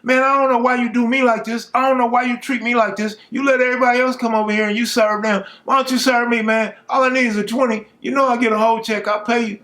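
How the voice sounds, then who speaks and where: A man voicing a desperate male addict who begs and pleads in a whiny, high voice. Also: flat delivery, fast, few pauses, fairly bright tone. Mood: pleading. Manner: whiny, high, insistent begging.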